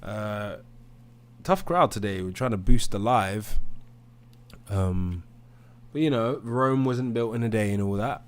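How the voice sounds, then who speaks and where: A man's voice: on the low side, measured pace, clean tone. Chatty young British man hosting a stream. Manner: chatty, reads viewer comments aloud, hypes the stream. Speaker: livestream debate host. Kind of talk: casual live-stream chat.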